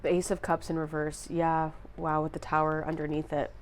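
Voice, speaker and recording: A young woman with a slightly low voice reads tarot cards for her viewers. She talks in a halting, heartfelt way, pausing and restarting as she goes. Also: monotone, a little hiss or hum. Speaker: tarot reader. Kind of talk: intuitive tarot reading to viewers.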